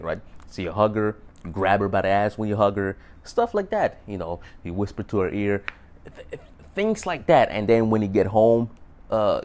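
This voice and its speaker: A man's voice: medium pitch, a little mellow. A young man giving dating advice in a rambling, profane monologue to camera, often checking in with "right?".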